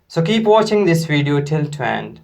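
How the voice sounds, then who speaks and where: A man who is not a native English speaker, teaching pronunciation in a lesson and slowly repeating each word with care. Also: fairly high pitch, sing-song, creaky, a little mellow.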